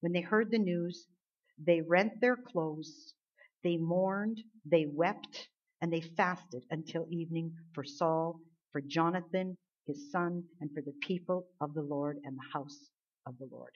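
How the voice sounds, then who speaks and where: Husky-voiced woman preaching earnestly. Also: low voice, unhurried, a little mellow. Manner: earnest, emphatic retelling with rhetorical questions. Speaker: Bible teacher. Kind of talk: sermon. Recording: dull lo-fi recording.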